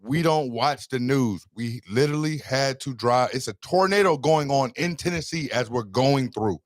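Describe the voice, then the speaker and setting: A man's voice: mid-range voice, moderate pace, dry recording, studio quality. A young man from rural Georgia with a Southern US accent, telling a story in a joking, interrupting way. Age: young adult. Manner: interrupting, joking, retells scenes in quotes. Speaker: guest. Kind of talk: casual storytelling.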